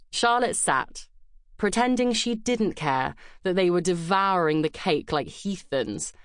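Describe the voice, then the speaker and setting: A woman narrating an audiobook in a measured, gentle storytelling manner. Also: on the low side, expressive, clean tone, no room sound, studio quality. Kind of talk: scripted narration.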